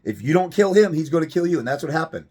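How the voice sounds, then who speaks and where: A man speaks to camera in a fairly high, combative voice, blunt and profane. He hammers his points with rhetorical questions and cutting remarks. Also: lively intonation, fast talker, a little mellow. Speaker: fathers' rights advocate. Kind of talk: direct-to-camera rant.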